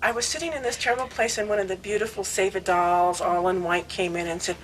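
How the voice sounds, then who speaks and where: A woman in her sixties telling animated, laughing stories with many restarts in casual conversation. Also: mid-range voice, quick pace, slight background noise, low-quality recording. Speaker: longtime devotee recounting memories. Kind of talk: casual storytelling.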